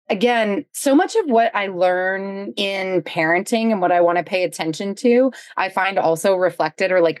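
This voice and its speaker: A woman guest on a podcast, talking about parenting and business in an upbeat, reflective way with quick asides. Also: mid-range voice, no room sound. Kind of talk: reflective conversational interview.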